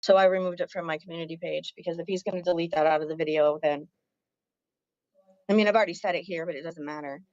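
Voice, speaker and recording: A woman's voice: on the low side, fairly even intonation, quick pace, a little mellow, no echo, highs cut off. A woman ranting angrily and profanely on her livestream, confronting her viewers head-on. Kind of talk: angry livestream rant.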